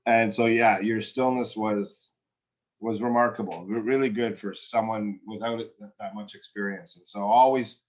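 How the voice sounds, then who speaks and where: A man's voice: on the low side, fairly even intonation, normal speed, highs cut off. A man working as an acting coach, giving a student direct and encouraging feedback in a one-on-one session, often restarting his sentences.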